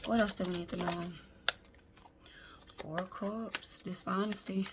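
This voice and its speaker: A woman's voice: mid-range voice, steady tone, measured pace. A woman gives a chatty, emphatic tarot reading and talks straight to her viewers as y'all. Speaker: tarot reader. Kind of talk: casual tarot reading to camera. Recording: faint background noise.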